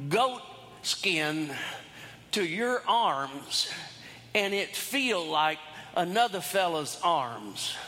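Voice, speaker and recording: A man's voice: high-pitched, bright, forceful tone, in a large hall. A man preaching a sermon, retelling a story in a folksy, humorous way with asides to his congregation. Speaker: pastor.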